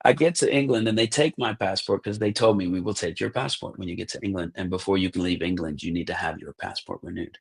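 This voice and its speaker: This is an American man in his thirties with a fairly low voice, speaking as a podcast guest. He tells his stories in an animated, casual way, slipping into the voices of the people he quotes and peppering his talk with "like" and "bro". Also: fast, creaky, hardly any pauses, husky. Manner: animated, acts out quoted dialogue, says "like" and "bro" often. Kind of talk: casual storytelling.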